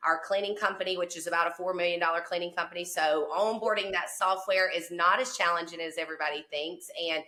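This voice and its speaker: A woman with a Southern Mississippi accent, a podcast guest who chats in a lively, storytelling way. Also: fairly low pitch, fast talker, hardly any pauses. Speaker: guest, cleaning company owner. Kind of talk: casual podcast chat.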